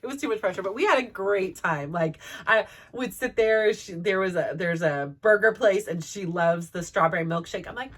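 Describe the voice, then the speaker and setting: A woman's voice: mid-range voice, normal speed, few pauses, fairly bright tone, distant mic. Chatty woman telling stories, slightly off-mic. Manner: chatty, laughs often, many "like" fillers. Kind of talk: personal storytelling.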